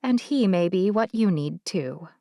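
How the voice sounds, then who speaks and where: A woman narrating an audiobook, voicing a kind, frank older female social worker who speaks gently and candidly. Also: fairly high pitch, sing-song, moderate pace, no echo, studio quality. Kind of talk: audiobook character voice.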